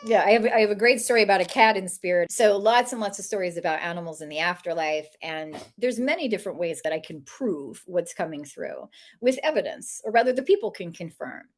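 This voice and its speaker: A woman, an author and animal communicator, telling funny stories in a lively way, laughing often and acting out the voices of people she quotes. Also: fairly low pitch, brisk. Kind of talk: storytelling interview talk.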